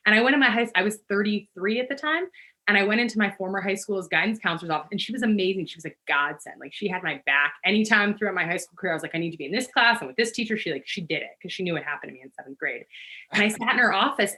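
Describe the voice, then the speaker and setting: A woman guest on a podcast, a yoga teacher, telling stories in an animated, rambling way full of fillers. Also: on the low side. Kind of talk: casual interview conversation.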